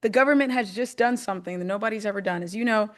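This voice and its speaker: A woman hosting a live stream, chatty and excitable, talking viewers through a trading demo step by step. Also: medium pitch, fast. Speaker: host.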